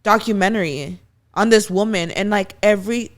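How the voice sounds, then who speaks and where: A woman's voice: medium pitch, normal speed. A pregnant young woman co-hosting a podcast in a studio, chatting casually with many fillers and talking to viewers. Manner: chatty, lots of "like", addresses viewers. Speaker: podcast co-host. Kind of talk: casual chat.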